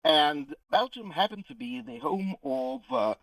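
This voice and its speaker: Guy explaining money stuff slowly, lots of uhs, dry sound. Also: a little high, lively intonation, fairly bright tone, no room sound, rough recording. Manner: hesitant, many "uh" fillers, careful explaining. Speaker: economist guest. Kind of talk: explanatory interview answer.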